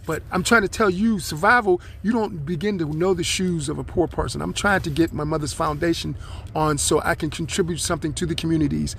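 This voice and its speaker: A man's voice: on the high side, a bit bright, slight background noise. A man hosting his own podcast, speaking, in a rambling, aggrieved monologue aimed straight at his listeners. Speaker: podcast host.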